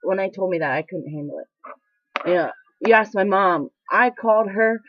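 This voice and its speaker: A woman's voice: medium pitch, normal speed, dry recording. Young woman, military trainee, casual confessional vlog, candid and rambling, dry dull home-mic sound. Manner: candid, rambling, emotional, with frequent fillers.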